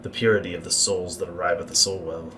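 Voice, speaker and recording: A man's voice: sits low, level tone, pushed and bright, recorded from a distance, slight background noise, rough recording. A man playing a cold, scheming old court Maester. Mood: grave. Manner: measured, ominous, deliberate pauses.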